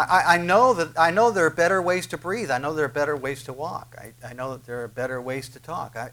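A man's voice: mid-range voice, fairly bright tone. A man preaching a sermon, earnest and questioning, with frequent filler sounds as he reads and explains scripture. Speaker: pastor.

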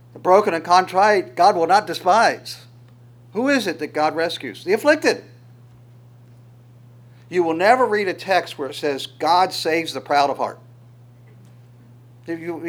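This high-voiced man preaches through the Psalms verse by verse at a measured pace, pausing often. He's animated, asks rhetorical questions, chuckles now and then, and speaks God's words as quotes.

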